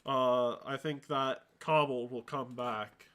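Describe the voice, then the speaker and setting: A man's voice: medium pitch, fairly even intonation, slow, a bit bright. A man narrating as game master of a tabletop game, casual and often restarting his sentences.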